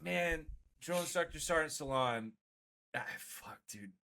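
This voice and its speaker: A man's voice: fairly high pitch, expressive, unhurried, creaky, sharp tone. A man, a Marine veteran guest on a podcast, telling stories in casual chat, swearing freely, laughing along and restarting his words often.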